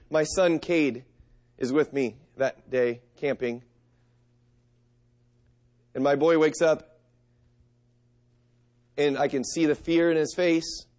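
Earnest preaching man, fairly high voice. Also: darkish tone. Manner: earnest, conversational preaching with Bible reading. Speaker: pastor. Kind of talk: sermon.

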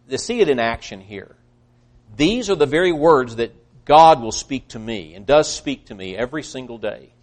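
A man preaching a sermon earnestly, swinging between loud emphasis and hushed, quiet passages. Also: medium pitch. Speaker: pastor.

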